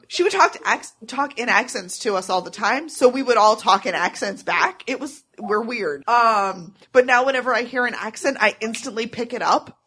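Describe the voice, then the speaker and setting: A woman's voice: fairly high pitch, pushed and bright, breathy edge. A woman co-hosting a podcast, telling stories in casual chat and laughing often as she talks.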